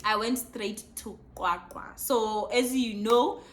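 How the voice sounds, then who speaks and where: A young South African woman with a South African accent telling a personal story, excitable and emotional. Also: a little high, slow pace. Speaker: vlogger. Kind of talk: casual storytime.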